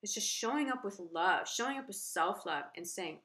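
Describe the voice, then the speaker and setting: A woman's voice: medium pitch, animated, moderate pace, hardly any pauses, pushed and bright. A woman giving a casual, earnest tarot horoscope reading, reassuring and repeating herself. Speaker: tarot reader.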